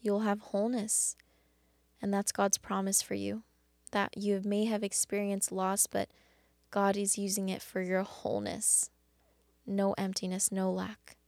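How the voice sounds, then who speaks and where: A woman hosting a faith devotional talk, speaking earnestly and haltingly with many restarts. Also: mid-range voice, completely flat delivery, creaky, darkish tone, dry recording. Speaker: podcast host.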